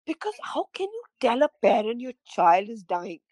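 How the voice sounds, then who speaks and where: A middle-aged woman, a parent telling her story in an interview, halting and emotional, often repeating words. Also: on the high side, very animated, a little mellow, dry recording, poor audio. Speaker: parent of a child with a rare illness, interview guest.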